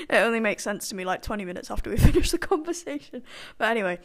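A woman's voice: medium pitch, lively intonation, fast talker, a bit bright. A young woman rambling in a casual chat, full of fillers and frequent laughter. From partially Irish background.

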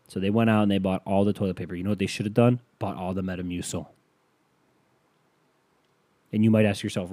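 A man's voice: low voice, fairly even intonation, brisk, long pauses, warm tone, no echo. A male comedian doing crude comedic riffing in a rambling, profane way.

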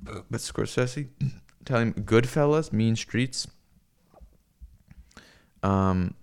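A man's voice: medium pitch, very slow, clean tone. A young man from the US West Coast, chatting casually and profanely with his stream viewers, rambling with lots of fillers.

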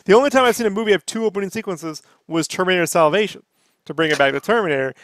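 A man's voice: high voice, lively intonation, quick pace, no echo. Profane ranting man, dry close mic. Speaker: podcast host. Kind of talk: casual podcast chat.

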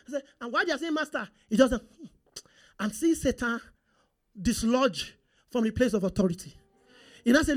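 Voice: high-pitched, fast talker. A pastor preaching a sermon, repeating phrases and calling on the congregation to respond. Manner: animated, repetitive call-and-response preaching.

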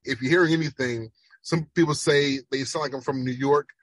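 A man from Chicago with a slight Jamaican-influenced accent, a speech pathologist giving earnest, emphatic interview answers that slow down for emphasis. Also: medium pitch, steady tone, fairly bright tone, no echo. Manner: emphatic, measured, slows for emphasis. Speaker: speech language pathologist guest.

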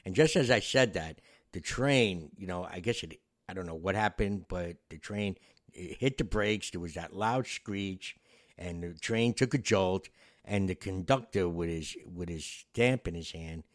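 A man's voice: deep voice, unhurried. A man hosting a podcast, telling a story in a meandering, reflective way with many fillers. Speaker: podcast host. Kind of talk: casual storytelling.

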